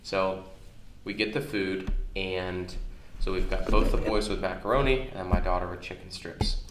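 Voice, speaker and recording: A man in his thirties, a podcast co-host, tells long family stories in a low voice, doubling back and restarting as he talks. The recording is echoey, with faint ambient noise underneath. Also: fairly even intonation, normal speed. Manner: rambling anecdotes with many restarts. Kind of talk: casual storytelling chat. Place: on location near his home.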